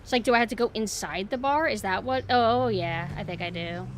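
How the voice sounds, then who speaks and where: A woman streamer giving casual gameplay commentary, chatting to her viewers and jumping to high squeals when flustered. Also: a little fast, noisy background.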